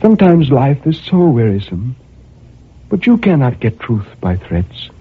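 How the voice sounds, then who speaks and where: A cool, evasive young woman, as a male reader puts her on, pitched well above his own low voice and speaking in a soft, teasing calm. The sound is tinny and narrow, like an old phone line. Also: a little slow, breathy edge, full character voice. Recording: tinny narrow-band recording.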